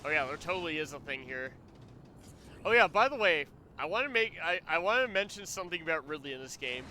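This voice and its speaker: A man's voice: a little high, expressive, fast, bright, forceful tone, a little hiss or hum. A man streaming a video game, chatting casually as he plays, rambling and joking with frequent laughs. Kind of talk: casual gameplay commentary.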